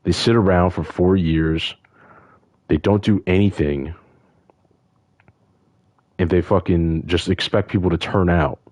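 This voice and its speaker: A man's voice: low voice, steady tone, unhurried, long pauses, a little mellow, no echo, studio quality. An upset man from the United States ranting in frustration and swearing constantly. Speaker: vlogger. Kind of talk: angry casual rant.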